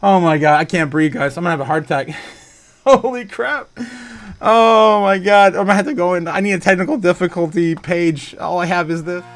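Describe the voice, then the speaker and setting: A man hosting a casual livestream, reading viewer comments aloud, excitable and laughing often. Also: sits high, moderate pace. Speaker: livestream host.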